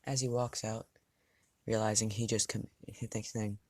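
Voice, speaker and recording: A man's voice: on the low side, flat delivery, moderate pace, dry recording. Hesitant man improvising a fan story. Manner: hesitant, thinking aloud, frequent restarts.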